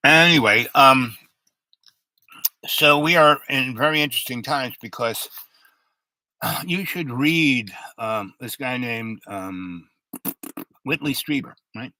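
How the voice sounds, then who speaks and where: An older man hosting his own talk show, talking in a rambling, halting way with many fillers. His voice sounds unusual because of an old throat injury. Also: mid-range voice, expressive, bright, forceful tone, no room sound, rough recording. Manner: halting, many fillers and restarts, stutters under strain. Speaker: show host. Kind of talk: rambling monologue.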